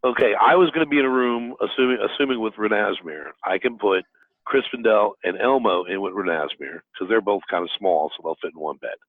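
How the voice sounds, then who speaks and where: A fairly low-voiced man with an animated delivery, hesitating and restarting his sentences. His voice comes through thin and phone-like. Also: fairly quick, no room sound. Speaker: tabletop game player. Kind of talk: casual in-character play. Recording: tinny phone-like line.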